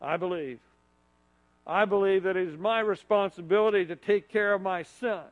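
Troubled dad of a sick kid, a preacher doing him, kinda high voice, plain talk. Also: male voice, normal speed, narrow, tinny audio, lightly acted. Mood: resolute. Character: troubled middle-aged father of a sick boy.

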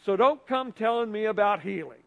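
A man's voice: high-pitched, unhurried. A man in a sermon acting out a troubled middle-aged father of a sick boy, speaking plainly. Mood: angry.

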